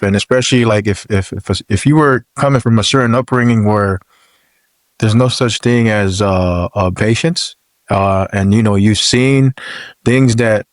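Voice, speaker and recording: A man's voice: fairly low pitch, no echo. A man co-hosting a podcast, affirming the guest and stumbling over repeated words. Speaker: podcast co-host. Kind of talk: podcast conversation.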